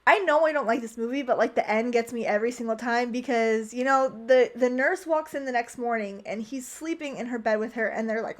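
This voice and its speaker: A woman's voice: fairly high pitch, fairly quick, few pauses. A young woman recapping a movie in a casual vlog, chatty and gushing, with a lot of "like" in her speech. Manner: chatty, heavy use of "like", gushing. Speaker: movie commentary vlogger.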